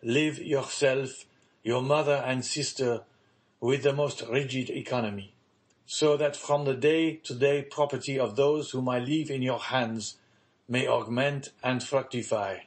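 A man voicing an aging, ruined father who speaks slowly and gravely in an audiobook reading. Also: medium pitch, steady tone, lightly acted. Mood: solemn. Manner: slow, grave, measured pleading.

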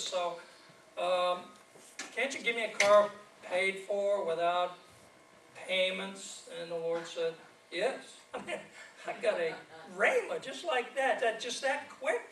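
A man's voice: sits high, a little hiss or hum. A man preaching as an evangelist, telling stories and laughing through a sermon. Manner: storytelling preacher, lively and laughing. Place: church sanctuary. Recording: echoey church from a distance.

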